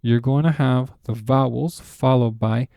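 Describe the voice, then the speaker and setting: A man's voice: medium pitch, steady tone, unhurried, vocal fry, mellow, dry recording. A man teaching beginners in a patient way, repeating his points and exaggerating sounds to show them. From Spanish-speaking background. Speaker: language teacher. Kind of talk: explaining a lesson to beginners.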